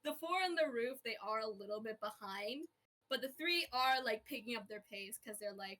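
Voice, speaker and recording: A woman runs a roleplay as game master, her voice a touch high and bright. She narrates in a chatty, giggly, playful way over a voice call. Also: expressive, moderate pace. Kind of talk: narrating a tabletop-style roleplay.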